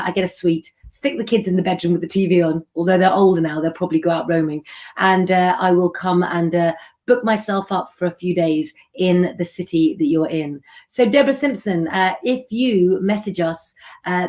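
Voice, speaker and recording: A middle-aged woman with a slightly low voice chats warmly and loosely on a live stream. She calls viewers by name and drifts between friendly asides and tarot readings. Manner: chatty, affectionate, reads out viewer comments. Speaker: astrologer and tarot reader hosting a live stream.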